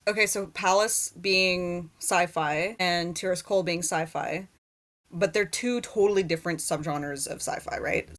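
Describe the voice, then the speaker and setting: A woman's voice: fairly low pitch, a little slow, a bit bright. A woman speaking as a podcast guest, talking about her writing in a loose, chatty way. She leans on "like" and checks in with "right?" as she goes. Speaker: author, guest. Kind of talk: casual interview chat.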